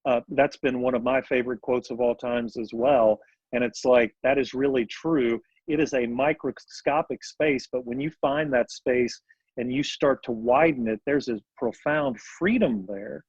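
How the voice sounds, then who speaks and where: A man speaking as a therapist guest on a podcast, talking in a reflective, thoughtful way and slowing down to stress his points. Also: mid-range voice, a little mellow, slightly rough, dry recording, dull audio. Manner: reflective, thoughtful, slows down for emphasis. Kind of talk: podcast conversation.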